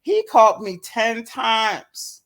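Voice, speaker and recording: Lively woman acting out her story. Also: on the high side, slow pace, gravelly, a little hiss or hum. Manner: animated, acts out quoted dialogue with laughs. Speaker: guest. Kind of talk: casual storytelling on a talk show.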